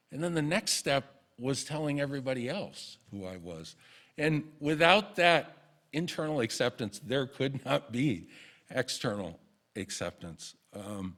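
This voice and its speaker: A middle-aged man telling a personal story to an audience at a community event, earnest and halting, with restarts and soft laughs. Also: a little high. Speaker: speaker at a community celebration.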